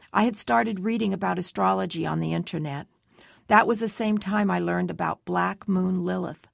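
A woman's voice: lowish voice, gravelly, dry recording, clean studio sound. A woman reading a first-person novel aloud, giving the dialogue light character shading. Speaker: audiobook narrator.

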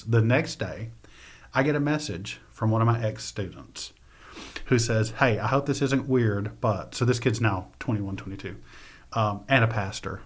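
A man reading his poetry and telling stories in an interview, soft-spoken and often trailing off. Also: lowish voice, moderate pace. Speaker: poet and interview guest.

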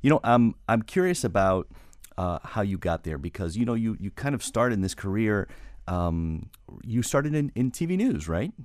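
A man in his forties hosting an interview and asking questions in a relaxed, conversational way. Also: fairly low pitch, normal speed, no echo, studio quality. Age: 40s. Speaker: interviewer, host.

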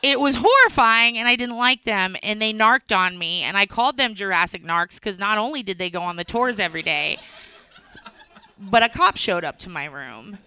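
A woman's voice: mid-range voice, pushed and bright, clear, resonant tone. A woman from Texas telling rambling comic stories as a stand-up comedian, laughing between lines. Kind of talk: storytelling stand-up.

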